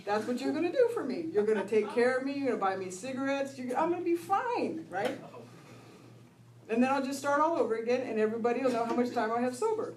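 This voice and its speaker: A middle-aged woman with a slightly high voice shares her recovery story in a casual, animated way. She laughs easily and keeps checking in with the crowd. The sound is distant and echoey, as if recorded from across a meeting hall. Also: fast talker, slight background noise. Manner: lively storyteller, laughs often, keeps asking "right?". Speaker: recovery speaker. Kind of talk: personal recovery talk to an audience. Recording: echoey room, voice from far off.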